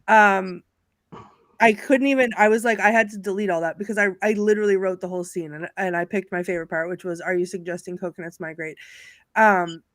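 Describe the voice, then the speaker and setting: A woman on a video call chatting excitedly with friends on a live stream, laughing often as she talks. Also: mid-range voice, a little fast, no echo. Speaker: panelist. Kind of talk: casual chat on a live stream.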